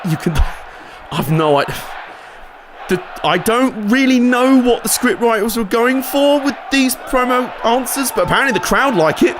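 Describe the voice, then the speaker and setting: A man's voice: very high-pitched, moderate pace, few pauses, crowd noise, noisy background. A man giving chatty, sweary commentary over a wrestling video game. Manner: chatty, sweary, self-mocking. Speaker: let's play host. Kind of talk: casual gameplay commentary.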